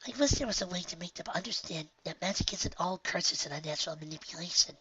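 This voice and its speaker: A reader voicing a gentle young unicorn filly in a soft, hushed whisper, as whispered role-play. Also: medium pitch, quick pace, husky, no room sound, dull audio, voice pushed up.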